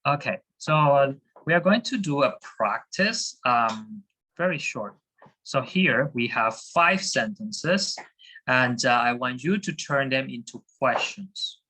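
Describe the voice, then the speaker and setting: A man's voice: mid-range voice, expressive, takes it slowly, pushed and bright, rough recording. A man teaching a class over a video call, hesitant, with many fillers and restarts. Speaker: Spanish teacher.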